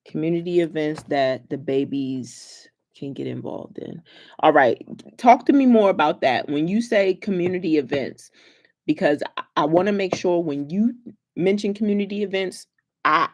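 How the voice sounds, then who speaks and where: On a relaxed livestream with families, a young woman school counselor tells animated, playful stories full of slang and frequent laughter. She speaks in a low voice at a moderate pace.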